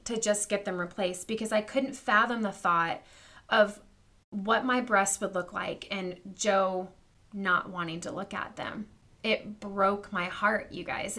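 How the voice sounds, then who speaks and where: A woman's voice: mid-range voice, pushed and bright. A woman in her thirties hosting a podcast, telling a personal story in a candid, confiding way and talking straight to her listeners. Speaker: podcast host.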